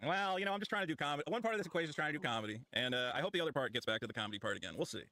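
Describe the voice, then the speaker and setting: A man argues defensively on a call-in podcast, with sarcastic jabs. His voice is high and lively, and he talks very fast with a bright edge. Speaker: guest. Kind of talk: heated call-in podcast argument.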